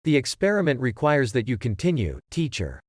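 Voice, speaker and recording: A calm male experimenter who stays patient and matter-of-fact, as a man reading aloud voices him. The voice moves lively up and down. The recording is dry and close. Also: medium pitch, a little fast, no echo. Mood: level, insistent.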